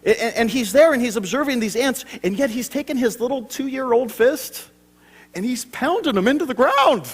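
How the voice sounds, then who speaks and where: A man in his thirties delivers a sermon as a storyteller, often stumbling over his first words before pressing on. His voice sits high for a man. The sound carries a long reverb, as if captured on a convention stage in a large auditorium. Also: animated, moderate pace, breathy edge. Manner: storytelling with frequent stammered restarts. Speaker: preacher.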